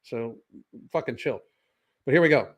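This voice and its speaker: A man's voice: medium pitch, normal speed. A man co-hosting a casual talk stream who speaks bluntly and profanely and laughs easily. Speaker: podcast co-host; married. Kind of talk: casual chat.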